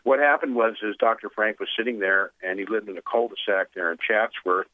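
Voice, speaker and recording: Calling into a radio show over a tinny phone line, a man with a fairly low voice spins a long, wandering story a little fast, packed with "uh"s and restarts as he animatedly relives events. The recording is dry.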